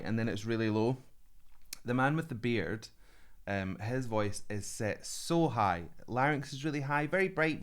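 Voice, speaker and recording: Male vocal coach, reaction commentary, smooth clear tone, mid pitch, analytical and keen. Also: moderate pace. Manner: analytical and enthusiastic, prone to laughing. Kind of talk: reaction commentary on a singing video.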